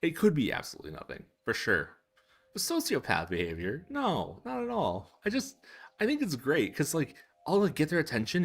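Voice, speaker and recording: A young man chatting casually on a live stream while coding, telling stories with a self-amused, animated manner. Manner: animated, self-amused storyteller with laughs and squeaky pitch jumps. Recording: faint music behind.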